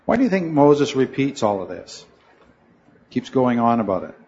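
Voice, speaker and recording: A man's voice: mid-range voice, sing-song, normal speed, vocal fry, darkish tone, highs cut off, a little hiss or hum. A man teaching a Bible study class, talking in a rambling way, correcting himself mid-sentence and putting questions to his students. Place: room with a noisy fan.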